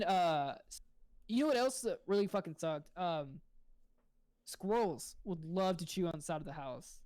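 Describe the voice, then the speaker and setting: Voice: mid-range voice, darkish tone, slight background noise. A podcast co-host rambling through casual stories, giggling and swearing offhandedly. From grew up in a log cabin. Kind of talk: casual chat.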